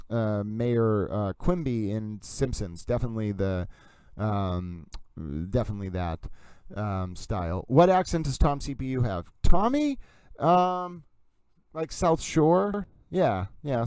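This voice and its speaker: A man in a relaxed livestream chat, talking through viewer comments one after another with plenty of ums and asides. His voice is smooth and resonant at an ordinary pitch. The sound is dry and close, with no room around it. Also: dry recording. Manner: rambling, filler-heavy, answers viewer comments. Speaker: livestream host reading chat.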